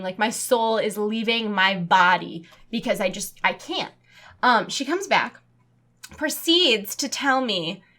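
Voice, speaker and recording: Bright-voiced woman ranting animatedly. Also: on the high side. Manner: animated, exasperated, self-mocking. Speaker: vlogger. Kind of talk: casual storytelling rant.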